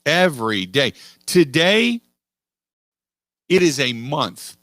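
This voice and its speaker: Emphatic, bright-voiced sports radio host. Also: male voice, a little high, slow, no room sound, studio quality. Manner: animated, emphatic, repeats phrases. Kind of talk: sports talk radio monologue. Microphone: studio microphone.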